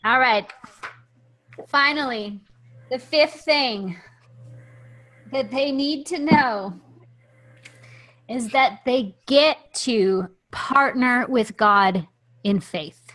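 A woman's voice: on the high side, extremely slow, long pauses, dry recording. Impassioned woman podcast host, dry sound. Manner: impassioned, animated storytelling. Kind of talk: faith-based podcast chat.

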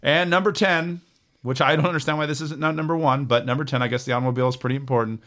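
A man's voice: on the high side, steady tone, very fast, fairly bright tone. A man co-hosting a podcast, reading through a list of facts in a casual, joking way. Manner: reads a list with jokes and stumbles. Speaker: podcast co-host, researcher.

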